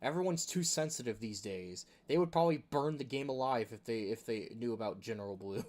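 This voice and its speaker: A man hosts a gaming video in a rambling, casual rant, chuckling and using lots of filler words. His mid-range voice is animated and fairly quick, with a slightly mellow tone.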